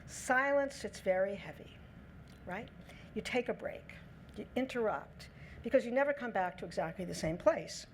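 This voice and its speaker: A woman giving a lecture on negotiation, lively, acting out the quoted lines in her own voice. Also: medium pitch, moderate pace, slight background noise. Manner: lively, acts out quoted dialogue in her talk. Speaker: speaker on negotiation. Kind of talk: lecture talk.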